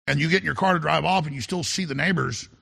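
A man's voice: on the high side, fast, pushed and bright. A middle-aged man hosting a talk radio show, speaking in an urgent, intense monologue and often stammering and repeating words as he restarts. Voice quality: gravelly, husky voice.

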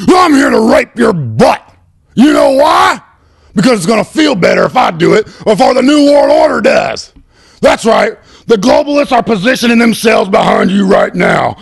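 A screaming radio host parody, super high and gravelly, hammy and crude, faint music behind. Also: male voice, sing-song, moderate pace, heavily acted. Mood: ranting. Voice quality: gravelly, raspy shouting. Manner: bellowing, hammy, over-the-top. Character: ranting loudmouth male radio host parody, crude and boastful. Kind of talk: comedic sketch acting.

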